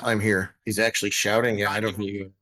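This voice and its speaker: A man running a tabletop game as game master over voice chat, describing scenes in a halting way, with a lot of uh and like. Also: lowish voice, flat delivery, pushed and bright. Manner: halting, lots of uh and like while describing.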